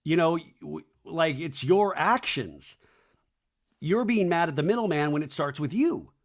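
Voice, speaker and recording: A man's voice: fairly high pitch, lively intonation, unhurried. A man hosting a podcast, recapping a reality show in a chatty, sarcastic way and swearing freely. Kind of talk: casual recap with acted quotes.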